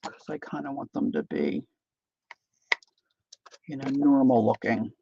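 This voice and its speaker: A chatty woman with a gravelly, creaky voice, talking casually while she crafts at home. Her words ramble along, and the lo-fi stream audio sounds a little dull. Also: extremely low pitch, a little slow, noisy background. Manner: chatty, rambling, talks while eating and working. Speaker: craft channel host.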